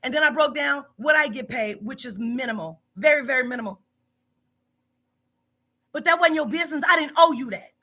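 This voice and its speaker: A woman's voice: high voice, brisk, long pauses, bright, forceful tone. A woman who runs a psychic reading business, confronting a staff member in a profane, emphatic monologue full of repetition.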